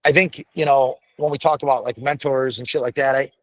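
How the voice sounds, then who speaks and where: A man's voice: medium pitch, fairly even intonation, fairly quick. A man guest on a casual podcast interview, talking bluntly and profanely, rambling with many restarts. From United States. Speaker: firefighter paramedic guest.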